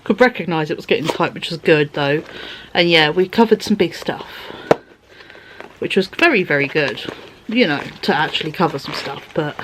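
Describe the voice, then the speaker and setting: A woman vlogging in a casual, rambling way, her voice a little croaky and tight. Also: low voice, expressive, normal speed, background noise. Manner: rambling, chatty, laughs often. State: slightly croaky voice. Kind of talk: casual chat to camera.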